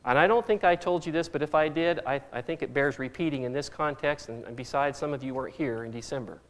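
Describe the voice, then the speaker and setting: A man's voice: fairly high pitch, quick pace. A middle-aged man preaching a sermon as pastor, earnest and fond of repeating phrases for emphasis.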